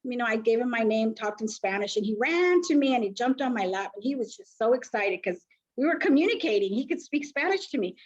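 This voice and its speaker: A middle-aged woman who founded a foster agency and works as a social worker tells stories in an interview, animatedly acting out the people she quotes. Her voice is a little high and fairly quick, and the recording sounds muffled.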